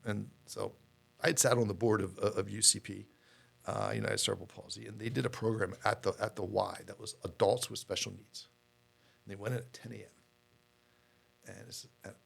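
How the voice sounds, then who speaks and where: A man's voice: on the low side, creaky, breathy edge. A middle-aged man, a podcast guest, telling his story in a candid, rambling way with many fillers and repeated words.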